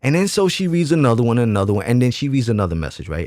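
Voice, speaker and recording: A man's voice: mid-range voice, sing-song, very fast, darkish tone, no room sound. Emphatic man telling a story, dry sound. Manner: emphatic, keeps asking "right?". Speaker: YouTube commentator. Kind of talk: casual storytelling monologue.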